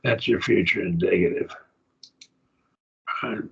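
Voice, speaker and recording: A plainspoken, folksy man, a preacher, teaching a slow Bible Greek grammar lesson to a class. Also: sits low, gravelly, a bit bright, slightly rough. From rural. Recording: dull lo-fi classroom recording.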